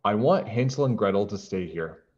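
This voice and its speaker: A man's voice: on the low side, lively intonation, normal speed, lightly acted. Storybook woodcutter dad, kindly and pleading, a man doing the voice, lo-fi. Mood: fond. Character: relieved kindly father woodcutter. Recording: dull lo-fi recording.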